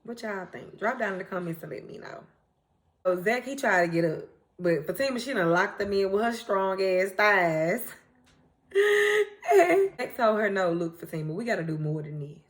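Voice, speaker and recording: A woman, recapping a TV episode to viewers in a casual, animated way, acting out characters' lines and laughing often. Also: medium pitch, unhurried. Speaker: TV recap host.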